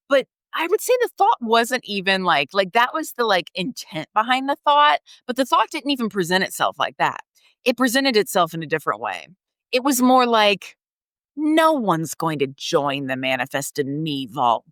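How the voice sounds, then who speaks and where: A woman's voice: a little high, fairly bright tone, no room sound, clean studio sound. A woman podcast host, guiding a reflection exercise and telling a personal story in a conversational way, often saying "like" and laughing.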